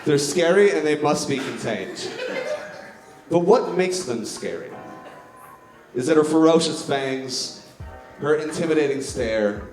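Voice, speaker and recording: A man doing stand-up on a comedy club stage, delivering a mock-formal slideshow presentation in a deadpan manner. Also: a little high, a little slow, long pauses. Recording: echoey club with music.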